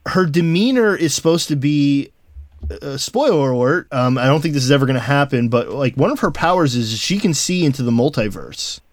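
A man co-hosting a podcast, explaining his opinions in casual chat with halting restarts. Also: medium pitch, animated, no echo. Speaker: podcast co-host.

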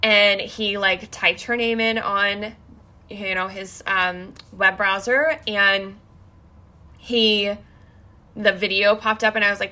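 A woman with a bright, crisp voice tells a personal story in a loose, chatty way. She rambles and stacks up "like" fillers, and her voice carries emotion. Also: mid-range voice, fairly even intonation, measured pace.

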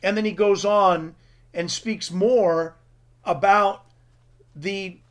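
A man preaching a sermon for radio, slow and emphatic, drawing out key words. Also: sits high, steady tone. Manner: slow, emphatic, drawn-out stresses.

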